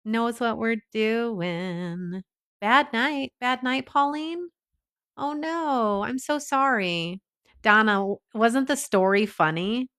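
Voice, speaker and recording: A woman's voice: fairly high pitch, slow pace, a bit bright. A woman hosting a casual livestream, chatting with viewers, reading out their names and comments, and laughing often. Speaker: livestream host.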